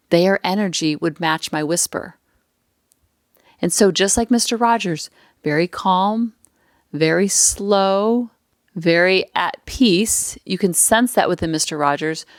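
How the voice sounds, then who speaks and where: A woman's voice: mid-range voice, no room sound. A woman hosting a parenting podcast, talking casually and earnestly into a close mic. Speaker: podcast host, parenting coach. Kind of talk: casual solo podcast talk.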